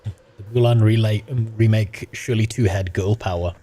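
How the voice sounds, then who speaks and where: A man's voice: on the low side, steady tone, unhurried, pauses often, warm tone, slight background noise. A young man streaming a game, talking in crude, sarcastic, laughing rants. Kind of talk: casual gaming stream chat.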